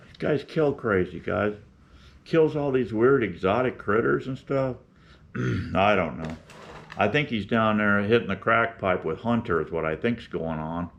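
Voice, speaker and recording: A man's voice: on the low side, lively intonation, measured pace. Rambling older man, lo-fi. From Florida. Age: 70s. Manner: folksy, opinionated, rambling with restarts. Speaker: beekeeping channel host. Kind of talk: rambling casual vlog talk. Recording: dull lo-fi sound.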